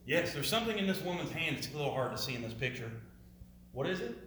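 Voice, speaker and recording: A man's voice: on the high side, sing-song, fast talker, fairly bright tone. Male presenter, interactive talk, quizzes the room, echoey hall, faint hiss. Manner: asks audience questions, repeats words, jokey asides. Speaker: speaker presenting to an audience. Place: room with a live audience. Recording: roomy with faint noise.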